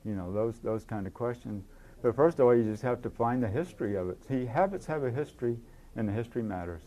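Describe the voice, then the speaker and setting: A man's voice: medium pitch, expressive, quick pace, mellow. A man speaking at a recovery conference, talking earnestly to an audience, repeating words as he goes and acting out inner voices.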